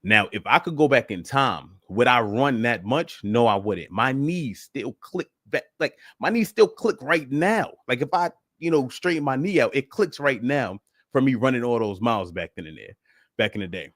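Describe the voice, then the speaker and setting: A man hosts a live fitness Q and A on a livestream setup, answering questions casually and often saying "you know what I'm saying." His mid-range, fairly bright voice has lively intonation at a moderate pace, with studio-quality sound and no room echo.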